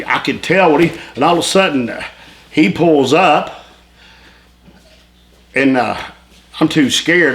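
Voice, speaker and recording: A man's voice: on the high side, creaky, fairly bright tone. A man telling wild stories in a casual interview, laughing often, swearing freely and jumping between tangents. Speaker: retired pro wrestler telling stories.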